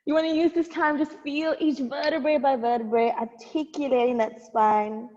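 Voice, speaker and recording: Her high-pitched, slightly mellow voice holds a steady tone at normal speed with hardly any pauses as this young woman teaches at-home barre. She cues moves and counts encouragingly with light laughs, occasionally out of breath, and the wireless earbuds capture a dull, lo-fi, long-reverb sound.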